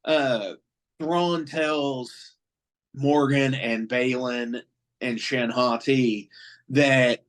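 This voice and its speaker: A man's voice: mid-range voice, fairly even intonation, extremely slow. A man co-hosting a podcast, recapping a show in loose casual chat with lots of swearing and "you know" fillers. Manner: loose and profane, recapping plot with many fillers. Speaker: podcast co-host.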